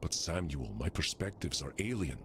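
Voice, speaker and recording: A man's voice: rumbling low, lively intonation, normal speed, a little hiss or hum. An actor playing an ancient, stiff and regal male vampire therapist who speaks in formal, solemn phrases in game dialogue. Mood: grave.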